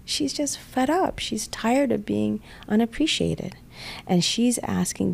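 A woman in an earnest podcast conversation, explaining couple conflicts and quickly acting out what each spouse says. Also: a little high, animated, gravelly, slightly rough. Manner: earnest, acts out spouses' voices in quick asides.

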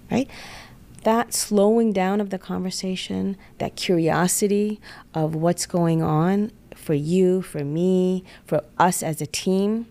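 Gravelly low-voiced woman explaining couples. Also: warm tone. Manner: earnest, acts out spouses' voices in quick asides. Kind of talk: explanatory podcast talk.

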